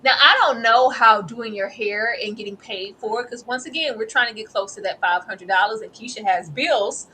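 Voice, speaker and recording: Lively woman chatting through a tv episode review, bright sharp tone, kinda high voice. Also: normal speed, few pauses, slight background noise, poor audio. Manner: animated, slips into playful character voices and laughs often; familiar, peppered with "girl" and "baby". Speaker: co-host reviewing a TV series. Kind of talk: casual review chat.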